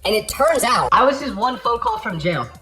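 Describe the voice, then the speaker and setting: Animated man telling comic stories. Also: extremely high pitch, moderate pace, soft background music. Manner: animated, jumps to exaggerated outbursts. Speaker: storyteller. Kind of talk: comedic storytime monologue.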